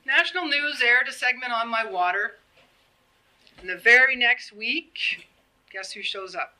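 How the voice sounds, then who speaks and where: A bright-toned woman in her fifties gives a public presentation. She talks in an earnest, plain-spoken way and acts out the exchanges she describes. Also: on the high side, a little slow, poor audio. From Canada. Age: 50s.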